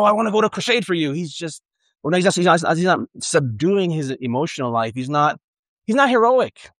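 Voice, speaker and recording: An earnest male pastor delivering a sermon in a plain, conversational manner, his voice sitting at an ordinary middle pitch. He repeats himself and restarts phrases as he works through his point. The sound is dry and close, with little room echo.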